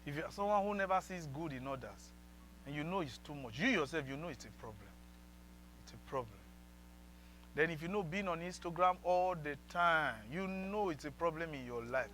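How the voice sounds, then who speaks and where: A male pastor with a bright, forceful delivery leads his congregation through a sermon, repeating prayer lines for them to echo. His voice sits a little higher than most men's, with a faint hum underneath. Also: animated, moderate pace.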